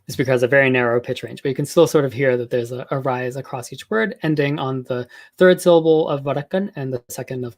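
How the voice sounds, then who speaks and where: A man's voice: mid-range voice, rapid-fire. Man giving an academic linguistics talk. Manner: explanatory, with frequent ums and uhs and self-corrections. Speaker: linguistics lecturer.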